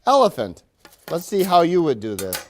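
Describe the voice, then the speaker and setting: A man's voice: on the high side, huge pitch swings, moderate pace, a little hiss or hum. A lecturer playing a pompous, condescending factory manager in a classroom role-play, falsely cheerful as he talks down to his workers. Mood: scolding.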